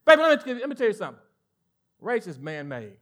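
Man, Southern American accent, pastor, animated sermon, loud then hushed, high voice. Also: fast.

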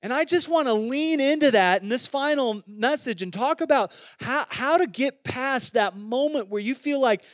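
A man's voice: extremely high pitch, animated, normal speed, hardly any pauses, no echo, clean studio sound. A pastor preaching a sermon to a church and listeners online, earnestly repeating words as he explains scripture. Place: church with online and radio audience.

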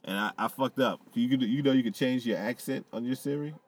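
A man with a mid-range voice talks fairly quickly in a casual podcast chat. He's animated, swears freely, and laughs often.

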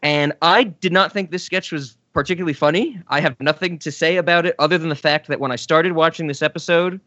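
A man co-hosting a podcast, chatting casually about comedy sketches, laughing often and letting his words trail off softly. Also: a little high, a little fast, no room sound, lo-fi sound. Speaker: podcast co-host. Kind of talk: casual chat reviewing sketches.

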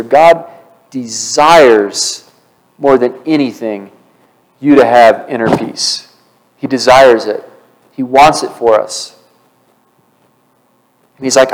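A male pastor preaching a sermon in church, animated and conversational, asking the congregation questions. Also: mid-range voice, poor audio.

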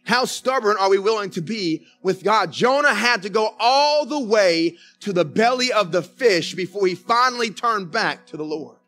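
A Southern US pastor delivers a sermon in church with a bright voice pitched high for a man. He speaks in a folksy storytelling way, calling out to the congregation for an amen. Soft music plays faintly underneath. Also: animated, moderate pace, few pauses. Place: church sanctuary.

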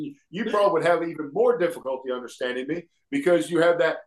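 A middle-aged man with an Alabama Southern accent, a guest telling stories in a folksy, animated way. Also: on the high side, fast talker, few pauses. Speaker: guest, former pro wrestler. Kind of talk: casual storytelling interview. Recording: echoey room.

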